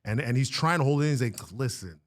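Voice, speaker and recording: A man's voice: mid-range voice, fast. A young man co-hosting a podcast, telling a school story in a laid-back, profane way. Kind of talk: casual chat.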